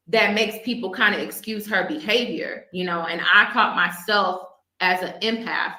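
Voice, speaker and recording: A woman's voice: medium pitch, moderate pace, sharp tone. A woman guest earnestly recounting a past relationship, restarting her sentences often. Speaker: interview guest. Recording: echoey room.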